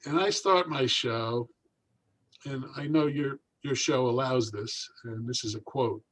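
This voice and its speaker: An older man, a guest magician, speaks at a measured pace with a medium-pitched voice in a low-quality recording. He tells a long story in conversation, animatedly acting out the voices of the people in his anecdote.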